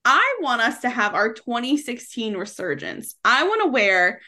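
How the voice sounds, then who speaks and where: A woman's voice: fairly high pitch, very animated, moderate pace, sharp tone. A woman in her thirties co-hosting a podcast, chatting casually, swearing freely and laughing often. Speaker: podcast co-host. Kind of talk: casual chat.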